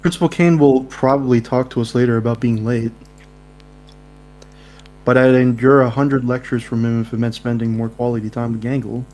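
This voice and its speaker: A man's voice: medium pitch, normal speed. A young man reads a dating-sim game aloud with friends on a home mic, cracking jokes and laughing between lines. A faint mains hum runs behind his voice. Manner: laughing, jokey, animated asides. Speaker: game player reading aloud.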